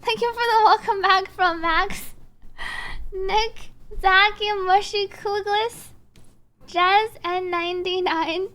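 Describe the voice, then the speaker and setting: A woman streamer giving casual gameplay commentary, thinking aloud and breaking into excited, giggly reactions. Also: very high voice, slow pace.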